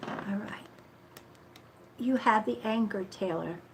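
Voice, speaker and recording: A woman hosting a live-streamed psychic reading who speaks softly and affectionately, calls viewers sweetheart, and often apologizes and trails off mid-thought. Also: medium pitch, fairly even intonation, unhurried, noisy background. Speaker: psychic reader.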